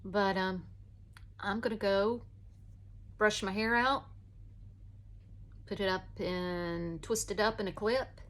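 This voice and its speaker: A woman's voice: medium pitch, fairly even intonation, slow, long pauses, fairly bright tone. Chatty woman in her fifties. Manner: folksy, chatty, digressive. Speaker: vlogger. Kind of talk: casual rambling chat while doing makeup.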